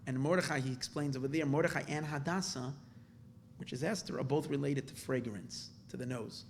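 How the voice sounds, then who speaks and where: A man, a rabbi, teaching a Torah class to a live audience in an animated, excitable way, often repeating words and restarting, with Hebrew terms woven into his talk. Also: medium pitch, brisk, gravelly, a little hiss or hum.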